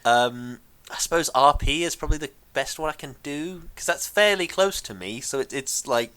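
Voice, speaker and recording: A man's voice: on the high side, animated, moderate pace, bright, forceful tone, clean tone. A British man co-hosting a podcast, chatting casually with a dry, wry humour and frequent ums. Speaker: podcast co-host. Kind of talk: casual chat.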